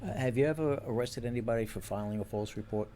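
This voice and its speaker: A man's voice: mid-range voice, fast talker, dark tone, slight background noise. A man hosting a podcast, asking questions and introducing a caller in casual chat. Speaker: podcast host.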